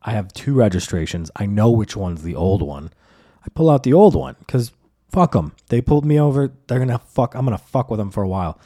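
A man's voice: lowish voice, brisk. Rambling, profane male comedy podcaster. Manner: rambling, profane, with many fillers and restarts; acts out deadpan overly formal replies in his stories. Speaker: podcast host. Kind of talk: comedic storytelling monologue.

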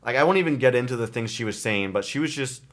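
A man's voice: medium pitch, expressive, fast, fairly bright tone. A man in a casual chat telling a travel story, acting out what people said along the way.

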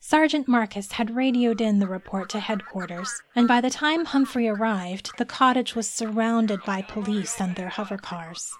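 A woman narrating a scripted fantasy story in a clear, even reading voice. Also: on the high side, normal speed, few pauses.

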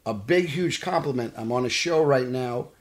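A Brooklyn-born actor appears as a guest on a studio podcast for a casual interview, telling stories earnestly and acting out the quotes. His voice is mid-range and moves at a moderate pace.

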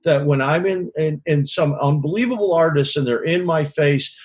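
A man's voice: a little high, normal speed, slightly rough. A man who works as a touring concert lighting director, telling frank, rambling stories in an interview, swearing freely and often asking "you know what I mean?". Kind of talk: casual interview storytelling.

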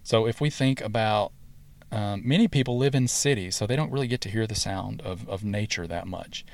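Low-voiced man hosting a halting podcast. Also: creaky, dry recording. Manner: halting, many fillers and restarts. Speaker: podcast host. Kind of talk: casual spiritual podcast talk.

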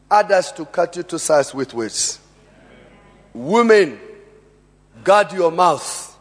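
A South African man preaching a sermon in a large church hall, emphatic, with quiet asides and sudden loud bursts. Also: high voice, breathy edge. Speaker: pastor. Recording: long reverb of a church hall.

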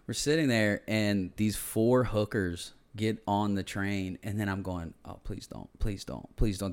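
A man's voice: fairly low pitch, smooth. A man co-hosting a podcast, telling profane, jokey stories in casual chat. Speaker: podcast co-host.

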